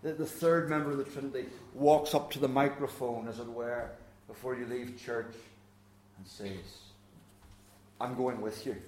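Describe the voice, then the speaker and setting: A man preaching a sermon in a church, earnest and direct, dropping softer when he speaks God's words to the listeners. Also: mid-range voice, steady tone, normal speed, a little hiss or hum. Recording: roomy church echo.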